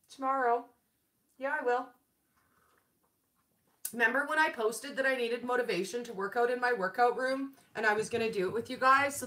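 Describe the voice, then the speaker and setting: Woman in her forties, bubbly live-stream host, bright voice, fairly high, echoey room. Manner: bubbly, greets viewers by name, laughs often. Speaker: keto food channel host. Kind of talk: casual live-stream chat.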